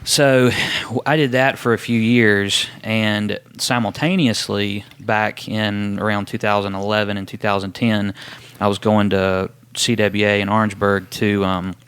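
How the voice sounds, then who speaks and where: A man, a wrestler telling his story in a casual interview, relaxed and rambling with many ums and restarts. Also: lowish voice, a little slow, clear, resonant tone. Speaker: wrestler guest.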